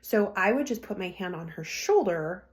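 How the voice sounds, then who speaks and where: A woman's voice: medium pitch, lively intonation, normal speed. A woman hosting a podcast, telling stories in a chatty way, laughing often and acting out what people said. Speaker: podcast host. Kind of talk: casual storytelling.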